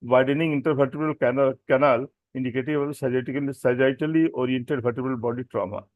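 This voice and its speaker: Male doctor, Indian English accent, mid-range voice, dry recording; reads a technical talk with frequent pauses and restarts. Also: mid-range voice, fairly even intonation, dry recording, narrow, tinny audio. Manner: hesitant, many fillers and self-corrections. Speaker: doctor presenting at a medical symposium. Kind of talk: technical lecture.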